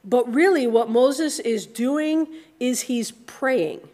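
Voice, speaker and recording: A woman's voice: on the high side, lively intonation, slow pace, warm tone. Conversational American woman pastor preaching. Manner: conversational, acts out grumbling voices. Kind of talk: sermon.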